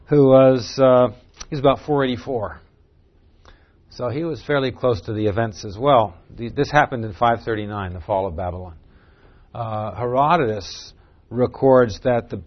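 A man teaching a Bible class, explaining the text and moving between low asides and a louder reading voice. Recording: dull lo-fi recording.

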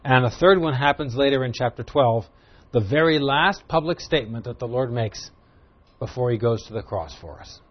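A man's voice: mid-range voice, animated, moderate pace, dull audio. A man preaching an expository sermon, teaching conversationally and raising his voice for emphasis. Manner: conversational Bible teaching, rising loud for emphasis. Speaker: pastor.

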